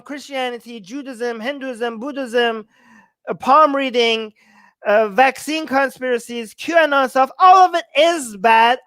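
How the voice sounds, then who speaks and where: A man's voice: very high voice, fairly bright tone, no echo. A man hosting a livestream, reacting in heated rants full of rhetorical questions. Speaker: channel host.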